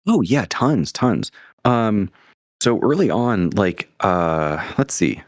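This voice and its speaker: Young adult man, low voice, dry close sound; eager, rambling storyteller with lots of "um"s. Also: sing-song, slow pace, no echo. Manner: enthusiastic, rambling, many fillers and restarts. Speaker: podcast guest. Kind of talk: casual interview storytelling.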